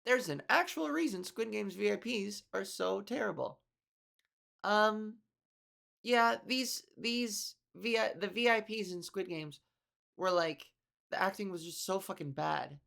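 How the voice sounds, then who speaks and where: A woman's voice: mid-range voice, a little slow, creaky, fairly bright tone. A woman comedian hosting her own podcast, rambling in a casual, profane monologue with many restarts and asides.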